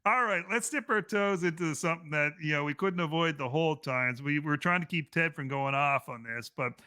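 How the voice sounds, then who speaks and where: A man's voice: a little high, a little fast, sharp tone, smooth, no room sound, clean studio sound. Easygoing male podcast host. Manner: easygoing, affirming, laughs often. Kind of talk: casual chat.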